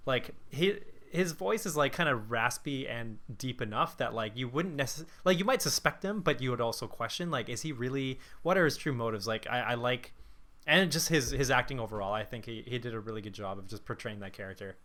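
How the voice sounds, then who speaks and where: A man co-hosting a casual film podcast, his voice bright and forceful at an ordinary pitch. He works his points out aloud, stopping and restarting his sentences as he goes. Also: fairly quick. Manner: thinks aloud, hesitant restarts. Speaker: podcast co-host. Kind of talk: casual movie-review chat.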